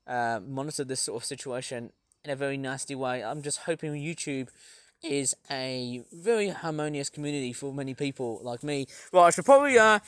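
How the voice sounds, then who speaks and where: Man, high-pitched voice, excitable, rambling, casual vlog talk. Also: slight background noise. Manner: excitable, rambling, with many fillers. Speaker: vlogger.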